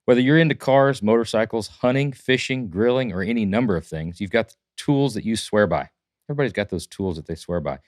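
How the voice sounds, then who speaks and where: A man with a fairly low voice hosts a relaxed podcast, punching up his sponsor reads and joking around. The sound is close and dry, with no room around him. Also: fairly quick, no echo. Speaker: podcast host. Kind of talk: casual podcast banter.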